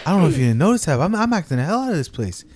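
A man's voice: a little high, very animated, rapid-fire, heavy background noise. A man co-hosting a comedy podcast, joking crudely and riffing in casual chat.

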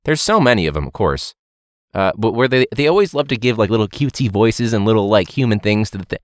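A man's voice: on the low side, lively intonation, quick pace, no echo, clean studio sound. A man hosting a casual podcast, rambling into sarcastic rants with frequent laughs and swearing. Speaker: podcast host. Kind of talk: casual ranting monologue.

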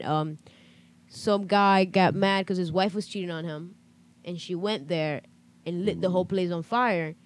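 A woman hosting a casual chat, asking quick follow-up questions and telling her own story. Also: lowish voice. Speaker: host.

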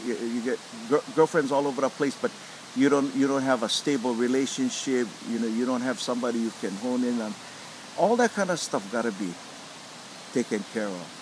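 Over a noisy background, a middle-aged lomi lomi practitioner speaks at a moderate pace in a mid-range voice with a Hawaiian Pidgin English accent. Being interviewed, he tells stories with lots of animation, performing the voices of those he quotes.

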